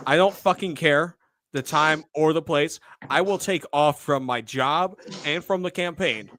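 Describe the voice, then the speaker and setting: A man's voice: fairly high pitch, unhurried, fairly bright tone. Profane, combative podcast host man. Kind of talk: crude political podcast banter.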